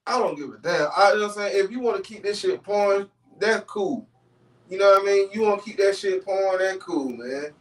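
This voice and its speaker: A man with a notably high voice talks through a podcast in loose, animated chat, circling back to "you know what I'm saying" again and again. He sits back from the mic, so his voice rings with a roomy echo. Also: brisk, far from the mic. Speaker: podcast co-host. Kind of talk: casual chat.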